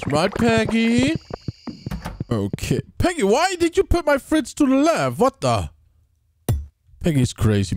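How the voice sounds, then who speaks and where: A man's voice: fairly high pitch, background noise. A man giving casual let's play commentary, chatting to the game characters as he plays. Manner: chatty, talks to game characters, hums and sings. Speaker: gamer. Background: game music.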